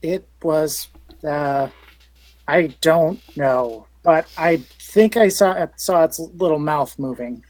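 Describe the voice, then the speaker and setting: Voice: medium pitch, slow pace, a little mellow, no room sound. A tabletop player describing their character's actions, hesitant and playful with many restarts.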